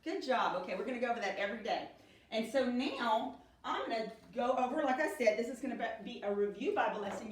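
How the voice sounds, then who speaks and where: A middle-aged woman gives a children's Bible lesson in a slow, sing-song storytelling way. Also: fairly high pitch, a little hiss or hum. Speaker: Sunday school teacher. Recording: echoey room, speaker far from mic.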